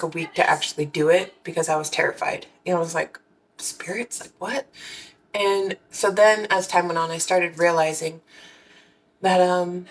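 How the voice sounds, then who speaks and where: A woman's voice: lowish voice, fairly bright tone, far from the mic, poor audio. Candid, foul-mouthed woman spiritual vlogger. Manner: candid and swears freely, with dramatic quoted reactions. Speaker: tarot reader, vlogger. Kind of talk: casual storytelling to viewers.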